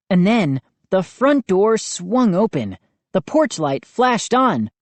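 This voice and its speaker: A woman reading a first-person children's novel as an audiobook narrator, measured and expressive. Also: fairly low pitch, dry recording.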